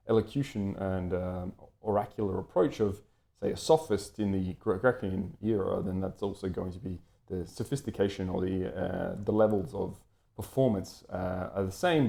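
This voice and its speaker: Low, mellow male voice, British-raised, rambling lecture delivery with ums and restarts. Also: gravelly. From Britain. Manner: wordy, lots of fillers and restarts. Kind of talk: unscripted lecture-style commentary.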